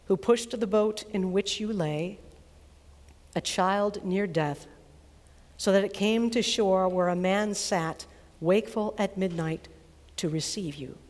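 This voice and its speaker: A woman voicing a vast male lion who speaks slowly, low and gravely, reading in a reverberant hall. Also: a little mellow, natural voice. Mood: solemn. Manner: slow, grave, low and deep. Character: vast, solemn male lion, calm and commanding.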